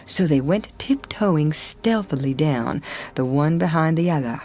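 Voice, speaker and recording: Woman reading a story real slow, lowish voice, soft music underneath. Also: lively intonation. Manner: slow, careful read-aloud for learners. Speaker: storybook reader. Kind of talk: scripted story narration.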